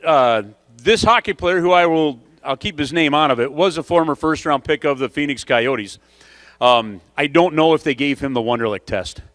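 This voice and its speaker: A man's voice: medium pitch, a bit bright, no room sound. A man emceeing a coaching conference, telling a story to the audience in a chatty, conversational way.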